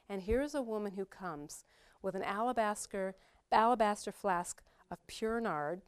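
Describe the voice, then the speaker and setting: A woman's voice: medium pitch, a little slow, smooth. Woman teaching a Bible study. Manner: chatty, animated, laughs often.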